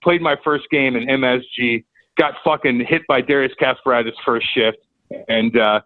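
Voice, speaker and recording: A man telling a profane, animated story as a podcast guest. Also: medium pitch, moderate pace, dry recording, narrow, tinny audio. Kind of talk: casual storytelling.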